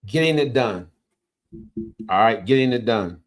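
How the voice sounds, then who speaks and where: A man's voice: medium pitch, measured pace. A man, a coach and host giving an emphatic, casual motivational talk. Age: 50s. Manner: energetic, emphatic, punchy interjections.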